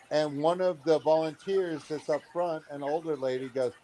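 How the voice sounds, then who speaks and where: A man's voice: a little high, moderate pace, hardly any pauses, slight background noise. A man in his thirties telling a story in a casual vlog, acting out the people in it, with many fillers. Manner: animated, acts out quotes, many fillers. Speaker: aquarium hobby vlogger.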